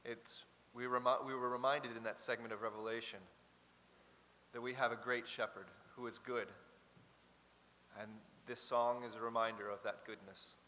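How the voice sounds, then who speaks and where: A man's voice: mid-range voice, little pitch movement, moderate pace, sharp tone. A man leading a choir, giving an earnest, reflective spoken introduction in a chapel. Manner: earnest, reflective, with small restarts. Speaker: choir leader. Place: large chapel. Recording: hall reverb with faint hiss.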